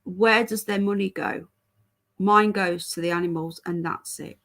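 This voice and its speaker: A woman's voice: medium pitch, steady tone, a little slow, a bit bright, a little hiss or hum. A chatty British woman livestreaming. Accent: British English. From Britain. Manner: chatty, rambling, answers chat messages as they come. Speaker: livestream host. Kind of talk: casual livestream chat reading viewer comments.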